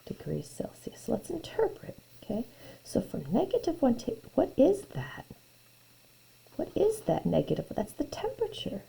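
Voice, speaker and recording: A woman's voice: high voice, huge pitch swings, moderate pace, gravelly, warm tone, slightly rough, poor audio. A woman math teacher talking through graph problems in a recorded lesson, thinking aloud, repeating her phrases and often dropping to a near-whisper.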